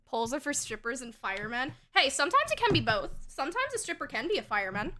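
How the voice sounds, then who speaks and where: A woman's voice: high-pitched, sing-song, quick pace, noisy background. A young woman livestreaming a game, chatting casually with her chat, giggling often, swearing freely and reading game text aloud. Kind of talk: casual gaming stream chat.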